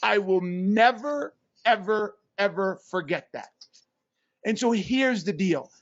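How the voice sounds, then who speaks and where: A man with a very high voice co-hosts a podcast in a fired-up, profane rant that at times turns to shouting. The sound is a little dull and lo-fi. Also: animated, slow. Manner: blunt, profane, ranting, bursts into shouting. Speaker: podcast co-host.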